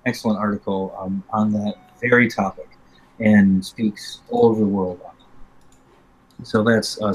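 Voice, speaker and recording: A man hosting a casual live-stream show, talking in a halting way with many ums and uhs. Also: on the low side, fairly bright tone, rough recording. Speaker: host of a lightsaber school's live show.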